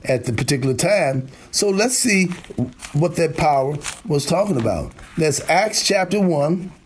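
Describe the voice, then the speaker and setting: A man preaching a sermon, slow and emphatic, repeating key lines for effect. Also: a little high, lively intonation, a little hiss or hum.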